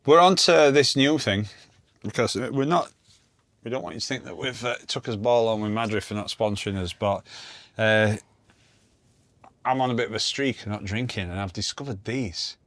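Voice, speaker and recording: A man's voice: lowish voice, normal speed, fairly bright tone, no room sound. A man co-hosting a casual chat, joking around and laughing at his own lines. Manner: jokey, reads jokes aloud with chuckles. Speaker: co-host.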